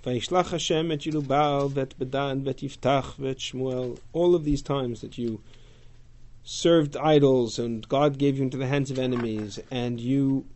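A man teaching a text-study class, reading Hebrew verses aloud and paraphrasing them in an animated way. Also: medium pitch, unhurried. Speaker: Torah teacher.

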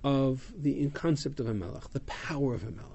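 A man's voice: medium pitch, brisk, creaky, mellow, slightly rough. A male teacher giving a text-study class to students, reading verses aloud, translating them and explaining them. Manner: fields student questions casually.

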